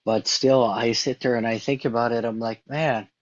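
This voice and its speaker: A man's voice: medium pitch, little pitch movement, normal speed, highs cut off. A man giving an earnest, conversational motivational talk, repeating his points as he goes. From Canada. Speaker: motivational speaker.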